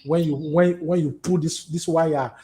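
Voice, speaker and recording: A Nigerian man in his fifties with a Nigerian accent, an activist talking in an animated, storytelling way in an interview. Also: a little high, measured pace. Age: 50s. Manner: animated, storytelling, repetitive emphasis. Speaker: activist guest. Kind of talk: conversational interview.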